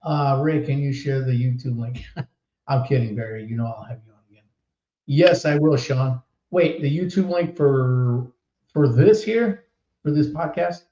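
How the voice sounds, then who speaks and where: A man's voice: mid-range voice, unhurried, warm tone, roomy sound, dull audio. Upbeat man hosting a live podcast. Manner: upbeat, reads viewer comments aloud, laughs easily. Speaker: podcast host. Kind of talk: casual live-stream chat.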